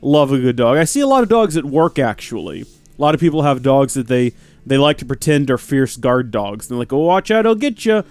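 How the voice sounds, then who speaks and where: A man's voice: medium pitch, expressive, brisk, darkish tone, no room sound. A man hosting a let's play, talking casually over the game with rambling, self-deprecating commentary.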